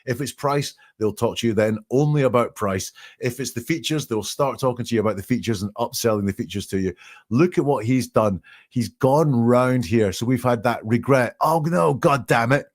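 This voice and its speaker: A man's voice: medium pitch, normal speed, a little mellow. A man hosting a live podcast, reading out quotes and breaking them down in a conversational way. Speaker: podcast host analysing a 911 call.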